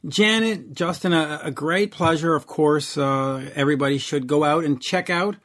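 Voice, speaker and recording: A male radio host chats loosely with his guests, wandering into asides and um-filled restarts. His voice sits a little high for a man, friendly and unhurried. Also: fairly bright tone. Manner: chatty, rambling, with frequent fillers. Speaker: radio show host interviewing a band. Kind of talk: casual interview chat. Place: based in Montreal.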